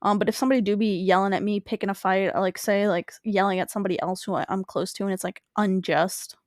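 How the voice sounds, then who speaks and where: Speaking fast in a mid-range voice, this podcast co-host is captured in a dry, clean studio recording. She rambles animatedly through casual conversation, using many fillers.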